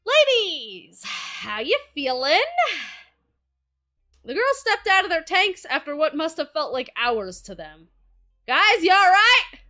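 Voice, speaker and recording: A young woman streaming a game, reading its dialogue aloud and reacting with excitable, profane outbursts. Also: very high-pitched, slow pace, pauses often, soft background music.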